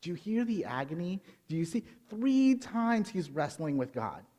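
A man reading a Bible passage in a quiet voice, then preaching a sermon and building to emphatic, intense moments. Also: sits high, very animated, moderate pace. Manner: reads scripture softly, then preaches with rising intensity. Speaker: pastor.

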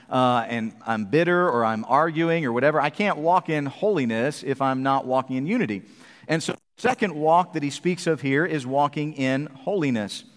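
Pastor guy preaching sunday morning, pretty high voice, big reverb from the hall. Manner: emphatic preaching, asks the congregation questions. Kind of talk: sermon.

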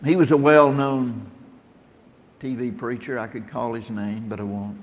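A man's voice: medium pitch, steady tone, a little slow, a little hiss or hum. A middle-aged man preaching a sermon in a plain-spoken, storytelling way, lifting his voice when he quotes scripture. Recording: long reverb of a large room.

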